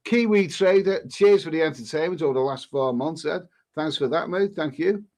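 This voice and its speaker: A man with a somewhat higher-pitched voice, chatting casually on a live stream. He reads viewers' comments aloud and answers them in a halting, easygoing way, often restarting his sentences. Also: darkish tone. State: coughing now and then. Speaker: travel vlogger reading viewer comments.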